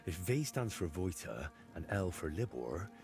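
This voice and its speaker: A man voicing a young game character who slowly thinks through the letters carved on a grave. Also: low-pitched, big pitch swings, music in the background, heavily acted. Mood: pondering. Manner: slow, thoughtful, musing. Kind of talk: video game voice acting.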